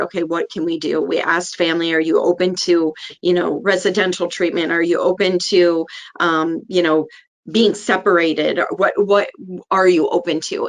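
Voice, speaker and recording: A middle-aged woman with a somewhat low voice tells a story from her nursing work. She speaks earnestly and acts out the people in it as she goes. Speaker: neonatal nurse practitioner guest. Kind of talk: personal storytelling in an interview.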